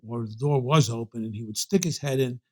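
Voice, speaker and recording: A man's voice: medium pitch, fairly quick. An older man with a Brooklyn accent, a guest telling long anecdotes in an interview, full of restarts and asides. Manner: rambling anecdotal storyteller with many restarts. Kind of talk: storytelling interview.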